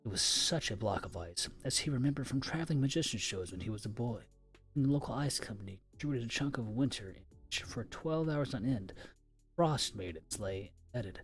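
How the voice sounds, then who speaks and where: A man's voice: fairly low pitch, gravelly. Man reading a novel on stream. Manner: stumbles over words and breaks off with offhand asides. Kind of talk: live-stream read-aloud.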